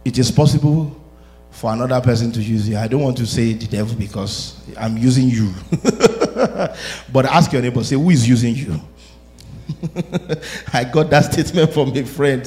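A man preaching a sermon, animated, rising to shouts and laughing between his points. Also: fairly high pitch.

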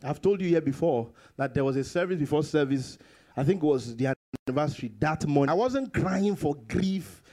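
A man preaching a sermon to his congregation, repeating phrases for emphasis and jumping into sudden high bursts and chuckles. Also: expressive, a little fast, warm tone. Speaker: pastor.

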